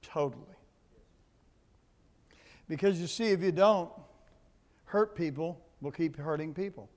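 A man preaching a sermon, dropping to quiet asides and then rising to loud, emphatic points, often repeating words as he builds. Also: a little high, measured pace, big-room sound. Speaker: pastor. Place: church building.

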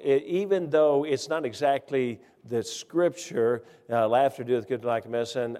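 A man preaching a sermon and telling a humorous story in a folksy, halting way, with many fillers and restarts. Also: medium pitch, in a large hall. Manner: folksy, halting, grows loud and excited in the story.

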